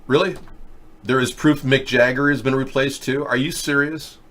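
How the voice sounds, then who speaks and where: Rambling through casual political commentary, this talk show host thinks aloud, full of fillers and restarts. His medium-pitched voice is a bit bright, with fairly even intonation at normal speed, recorded on a webcam or desk mic for video chat.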